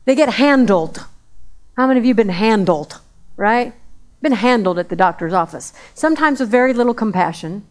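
A woman's voice: fairly high pitch, lively intonation, normal speed. A woman preaching a sermon in a conversational way, repeating phrases for emphasis.

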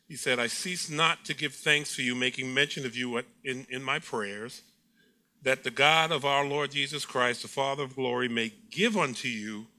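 A middle-aged man preaching a sermon, telling stories with acted-out quotes and frequent laughter. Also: fairly high pitch. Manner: animated storytelling preacher, acts out quotes, laughs often. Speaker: pastor.

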